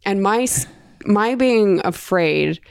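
Gravelly-voiced woman in casual chat. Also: mid-range voice, expressive, slow pace, no room sound. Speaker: podcast co-host.

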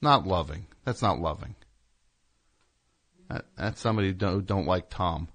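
A man's voice: low-pitched, normal speed, a bit bright. A man hosting a show, telling a rambling, sarcastic, indignant story as a comedic rant. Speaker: host.

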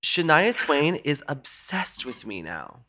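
A man hosting a podcast in casual, jokey, animated chat, swearing freely. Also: a little high, takes it slowly. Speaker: podcast host.

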